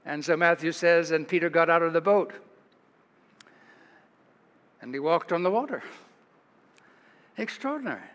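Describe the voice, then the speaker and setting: American male pastor, high-pitched, animated storytelling sermon, church reverb. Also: normal speed, long pauses. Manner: animated, chuckling storyteller, rises in pitch for dramatic moments. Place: church sanctuary.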